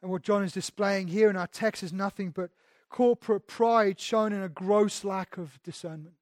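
A man's voice: high-pitched, moderate pace, few pauses, no echo, studio quality. A man, a pastor, preaching a sermon conversationally and emphatically, often repeating words as he goes.

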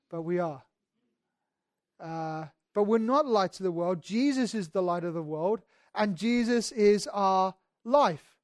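A man preaching a sermon, who moves between quiet reflection and loud, emphatic passages, reads scripture aloud and slows on key words. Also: high-pitched, no room sound, studio quality.

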